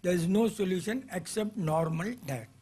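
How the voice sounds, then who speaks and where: Older male seminar leader, high husky voice, clipped and offhand. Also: moderate pace, dark tone. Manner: loose, clipped phrases. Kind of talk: informal seminar talk.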